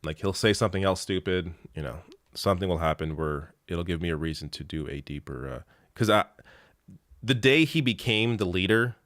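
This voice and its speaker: A man's voice: sits low, normal speed, fairly bright tone, no room sound, studio quality. A man hosting a live show, chatting casually and reading viewer comments in a rambling way, laughing often and swearing freely.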